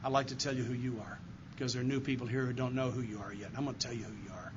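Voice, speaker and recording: Very fast but steady in tone, an older man's medium-pitched voice carries his earnest recovery testimony to a meeting audience. He's an AA circuit speaker addressing the room directly, captured in a dull, lo-fi live recording with background noise.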